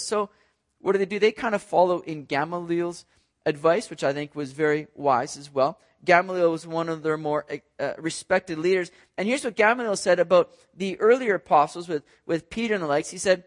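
High-voiced man preaching. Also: normal speed. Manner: conversational, animated, repeats words. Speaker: pastor. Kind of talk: expository sermon.

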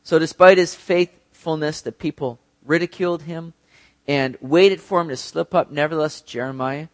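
Male preacher, casual sermon delivery, slightly high voice, lots of fillers. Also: fairly even intonation, normal speed. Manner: conversational, with many fillers and restarts; addresses the congregation directly.

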